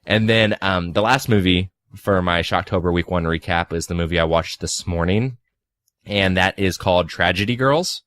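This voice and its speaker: Podcast co-host, man in his twenties, very low voice, rambling and loose, dry close sound. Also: fairly bright tone, no echo. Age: 20s. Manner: rambling, filler-heavy, sarcastic asides. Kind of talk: casual podcast chat about movies.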